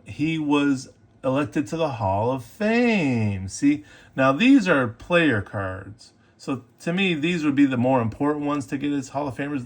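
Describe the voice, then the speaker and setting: A man hosting a casual show-and-tell video about collectible cards, chatty and enthusiastic, with fillers and quick self-corrections. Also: medium pitch. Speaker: sports card collector and video host.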